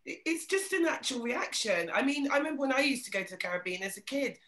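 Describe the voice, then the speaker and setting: Woman host for a chatty panel podcast, animated, bright and slightly high, recorded in a roomy space. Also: quick pace. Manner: animated, acts out reactions. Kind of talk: casual panel chat.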